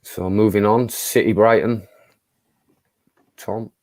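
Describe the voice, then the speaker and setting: This is a man hosting a laid-back football talk show. His voice sits low, and the sound is dry and close. He rambles a little and often repeats words as he goes. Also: steady tone, slow, darkish tone, dry recording. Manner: loose and rambling, with repeated words and stop-start phrasing. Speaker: host running the prediction round. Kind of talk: casual chat among football fans.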